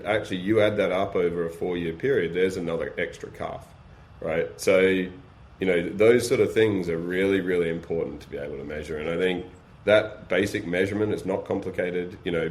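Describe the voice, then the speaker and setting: A man with a very low voice talks through a casual podcast conversation. He explains energetically, leans on practical examples and throws out rhetorical questions. Faint noise sits under his voice. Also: a little mellow. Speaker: guest, beef supply chain business.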